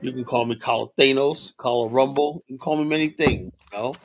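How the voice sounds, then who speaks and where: A man's voice: medium pitch, brisk, slight background noise. A man hosting a livestream show, talking bluntly and casually in a rambling monologue, often adding "you know.".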